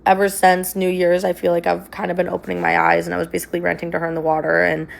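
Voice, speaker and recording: A woman's voice: on the low side, monotone, fast, gravelly. A young woman casually recounting a personal story, rambling with lots of "like" and "um". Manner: rambling, filler-heavy retelling with many "like" and "um".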